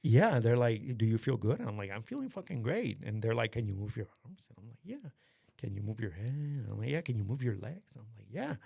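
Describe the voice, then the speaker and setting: A man host casually telling a story to a friend, animated and swearing often, acting out what others said. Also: mid-range voice, brisk, gravelly, husky, no echo, studio quality. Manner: animated, swears a lot, acts out quoted voices. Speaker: podcast host.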